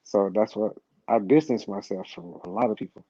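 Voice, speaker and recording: A middle-aged man speaks at normal speed in a low, dark voice, recounting a long story casually. His rambling talk is profane, with repeated words and restarts, and the dry recording comes across slightly dull and lo-fi.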